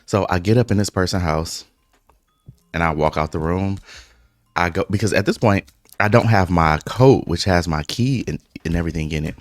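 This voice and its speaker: A man vlogger telling a casual, profane storytime while eating, lively and animated in his telling. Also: low-pitched, normal speed, no echo, studio quality. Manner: speaks through eating breaks. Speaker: mukbang vlogger.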